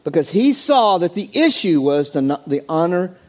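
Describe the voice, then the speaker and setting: Pastor guy preaching, kinda high voice, does little voices for the people he quotes. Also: moderate pace. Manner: animated preaching, acts out quoted voices with sudden pitch jumps. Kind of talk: sermon.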